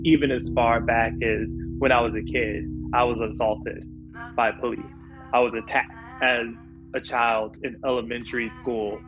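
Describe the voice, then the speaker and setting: A speaker with a mid-range voice gives sober, quiet personal testimony, with faint music behind. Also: mid-range voice, level tone, a little slow, dull audio.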